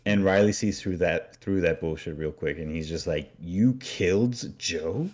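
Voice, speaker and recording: A man with a very low, deep voice chats casually as a podcast co-host, walking through a story. He keeps slipping into short put-on voices for the characters before dropping back to his own relaxed telling. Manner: acts out characters' lines in quick put-on voices. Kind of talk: casual chat recapping a story.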